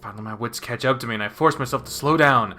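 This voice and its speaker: Performing a visual novel in the first person on his channel, a man swings dramatically between near-whispers and loud panic. He speaks at medium pitch and a quick pace, with faint music in the background.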